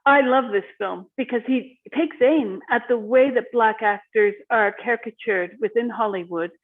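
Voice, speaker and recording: A woman's voice: a little high, moderate pace. A woman interviewing a guest in a conversational, enthusiastic way. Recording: tinny phone-like line.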